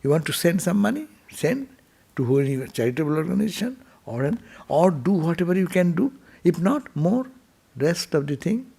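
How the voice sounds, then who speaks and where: A man, a monk, giving a temple sermon, telling stories gently and asking his listeners rhetorical questions. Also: a little high, big pitch swings, moderate pace, vocal fry, slightly rough. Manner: gentle storytelling, rhetorical questions, speaks softly.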